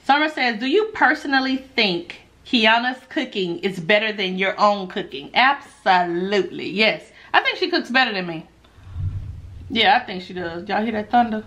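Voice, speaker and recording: A woman chatting casually while she eats on camera, reading viewer questions aloud and answering in a laid-back, animated way that often breaks into laughs. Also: mid-range voice, moderate pace. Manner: animated, laughs often when telling stories. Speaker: mukbang vlogger.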